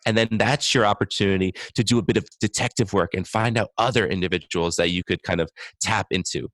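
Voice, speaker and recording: A man's voice: low-pitched, quick pace, fairly bright tone, no echo. A man speaking as a guest on a podcast interview, an enthusiastic speech-language pathologist thinking aloud.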